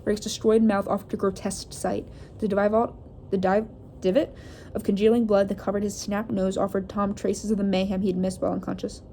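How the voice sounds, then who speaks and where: A woman's voice: mid-range voice, level tone, fairly quick, warm tone, slight background noise. A woman reading a horror story aloud, breaking off for casual, chatty reactions. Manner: casual, chatty asides between passages. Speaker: reader.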